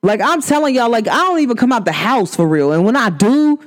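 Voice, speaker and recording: A woman hosting a podcast, talking casually and emphatically to her listeners, full of "like" fillers, her voice swinging up high when excited. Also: fairly quick. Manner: chatty and emphatic, many "like" fillers. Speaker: podcast host.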